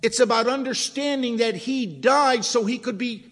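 High-voiced man preaching in a reverberant church. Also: moderate pace, a bit bright. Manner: conversational preaching, asks the congregation questions. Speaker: pastor. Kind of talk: sermon. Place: church sanctuary, also streamed online.

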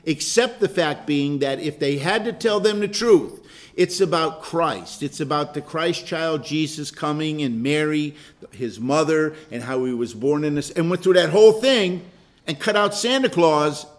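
A man, a pastor, leading a Bible study group, telling stories in a chatty, animated way with repeated words and laughs. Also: a little high, a little slow. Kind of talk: casual group discussion and storytelling.

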